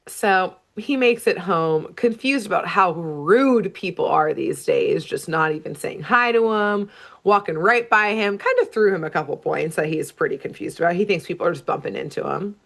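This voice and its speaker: A woman co-hosting a podcast, chatting casually as she recaps a cartoon episode in an animated, storytelling way. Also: on the low side, moderate pace, gravelly. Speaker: podcast co-host.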